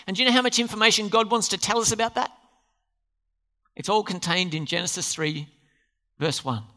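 A man preaching a sermon in a church, with a bright, ringing tone. His pitch swings widely as he throws questions at the congregation and answers them himself. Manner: animated, asks the congregation questions. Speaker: pastor.

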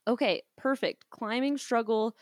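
A woman co-hosting a podcast in casual chat, telling animated stories and acting out the people in them, with some casual swearing. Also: a little high, measured pace, no room sound, studio quality. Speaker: podcast co-host.

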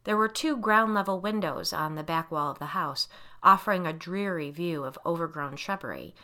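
Low, bright-toned female narrator. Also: normal speed. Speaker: audiobook narrator. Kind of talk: scripted first-person narration.

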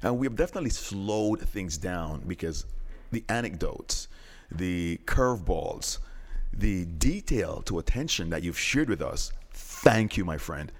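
A man's voice: low voice, measured pace. A man hosting a podcast, steadily introducing segments and his guest. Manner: steady, plain, announcing segments. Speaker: podcast host.

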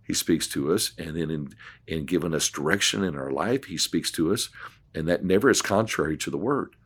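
A man's voice: deep voice, expressive, moderate pace, fairly bright tone, husky. A man, a pastor, telling an earnest story on a podcast and acting out the dialogue, with frequent restarts.

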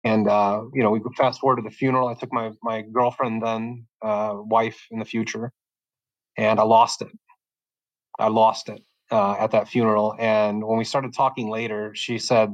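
A middle-aged man sharing his personal faith testimony as a podcast guest, talking in a halting, emotional way and often repeating words as he restarts. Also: on the low side, little pitch movement, no echo, muffled recording.

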